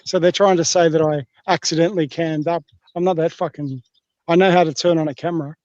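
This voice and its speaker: A man's voice: a little high, fairly even intonation, a little fast, darkish tone, no echo, highs cut off. A man from Australia with an Australian accent, chatting on a livestream in a rambling, crude, joking way. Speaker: stream guest. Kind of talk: casual livestream chat.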